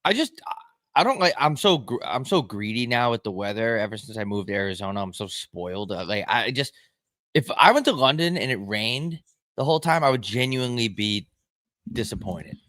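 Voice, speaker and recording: A man's voice: mid-range voice, big pitch swings, fairly quick, a bit bright, no echo, studio quality. A young man co-hosting a podcast, chatting in a laid-back way and reading out chat comments. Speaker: podcast co-host. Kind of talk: casual chat.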